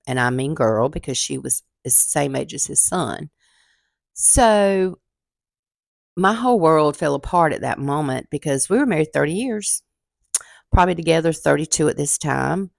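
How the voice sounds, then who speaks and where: A woman speaks low and gravelly, telling her story candidly, with her faith close to the surface. The sound is dry and close, with no room around her voice. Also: a little mellow, no room sound. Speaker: vlogger. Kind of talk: casual personal storytelling.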